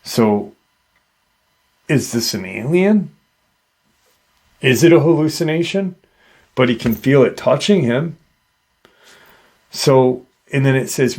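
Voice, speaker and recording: A man's voice: medium pitch, animated, takes it slowly, pauses often, darkish tone. A man hosting a paranormal show, retelling an encounter in a casual, rambling way with many fillers and restarts. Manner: rambling, hesitant, lots of fillers. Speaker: podcast host.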